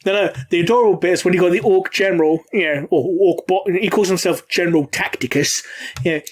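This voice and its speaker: A man's voice: sits high, quick pace. A man chatting casually as a podcast host, rambling with lots of fillers and swearing freely.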